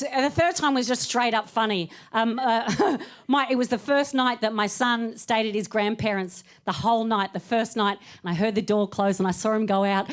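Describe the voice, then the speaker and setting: A woman in her thirties doing stand-up on a club stage, her voice sitting a little on the high side. She talks in a chatty, self-mocking way and laughs through her own punchlines. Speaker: stand-up comedian. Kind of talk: stand-up comedy set.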